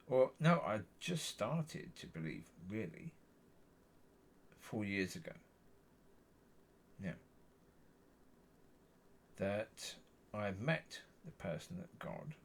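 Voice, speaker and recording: A man's voice: on the low side, gravelly, husky. A man giving a rambling personal faith testimony to camera, often repeating and correcting himself. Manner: meandering, repeats himself, frequent self-corrections. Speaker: Christian vlogger.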